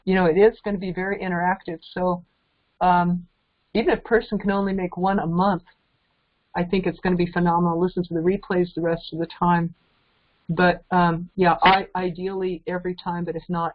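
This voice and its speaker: Effusive woman hosting a video call. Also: fairly low pitch. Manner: warm-hearted, effusive, calling on participants. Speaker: host of a group call. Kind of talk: hosting an online group session. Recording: slightly muffled call audio.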